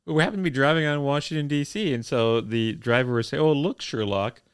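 A man's voice: mid-range voice, fast, smooth, no echo, clean studio sound. A young man co-hosting a podcast in casual chat, wry and playing up the jokes. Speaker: podcast co-host.

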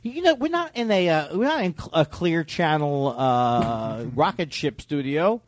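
A man's voice: a little high, sing-song, measured pace, no echo, studio quality. A man, a comedian guest, riffing wryly in casual podcast banter and slipping into silly impressions.

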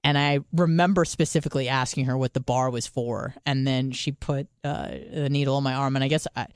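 Her voice rumbles low and smooth, moving a little fast over a dry, clean studio recording. As a podcast co-host, she spins a comedic yarn, cursing openly and animatedly playing both parties in the exchange.

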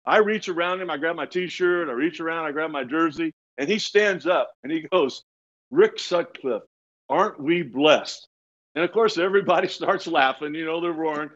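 A man in his sixties spins animated anecdotes in a slightly raised voice, laughing often and stumbling over his words as he restarts. The sound is dull and lo-fi. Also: on the high side, a little fast, hardly any pauses. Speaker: retired pitcher, guest. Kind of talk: storytelling in casual interview.

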